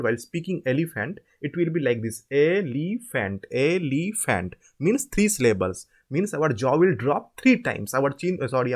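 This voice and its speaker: A man, tutoring students through assignment answers, slowly drawing out example words to demonstrate them. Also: medium pitch. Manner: drawn-out demonstration words, repetitive. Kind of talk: informal screen-share explanation.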